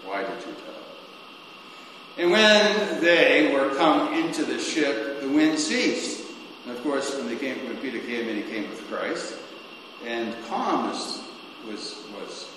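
Male preacher, mid-pitched, slow and halting, with lots of restarts; recorded in a cavernous, reverberant hall. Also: fairly bright tone, a little hiss or hum. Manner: halting, with frequent restarts and repeated words. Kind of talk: sermon on scripture. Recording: very echoey hall with long reverb and faint ambience.

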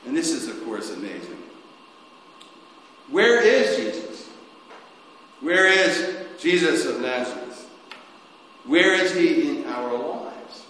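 A man preaching a sermon, speaking slowly and haltingly, rising suddenly and then dropping softly. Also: a little high, sing-song. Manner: slow, halting, with sudden rises and soft drops. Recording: echoey church hall, faint noise.

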